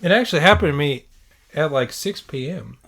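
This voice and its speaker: A young man hosting a casual podcast, talking in a relaxed way and laughing easily. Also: fairly high pitch, a little fast, vocal fry. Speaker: podcast host. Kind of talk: casual chat.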